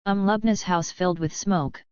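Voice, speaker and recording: A woman reads first-person testimony aloud in a slow, grave, steady audiobook style. Her voice sits low and sounds smooth and clear. The recording is dry and slightly dull, with a lo-fi edge. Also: no echo. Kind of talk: measured audiobook reading.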